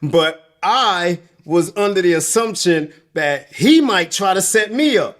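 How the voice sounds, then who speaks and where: A man's voice: sits high, expressive, unhurried, a bit bright. Laid-back man peppering stories with bro. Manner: casual, says bro constantly, laughing. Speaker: interview guest. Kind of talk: casual storytelling.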